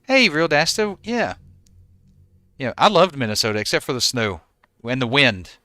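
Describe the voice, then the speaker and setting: A man's voice: mid-range voice, big pitch swings, normal speed, sharp tone, dry recording. A man in his forties, a game streamer chatting casually with his viewers and answering them by name.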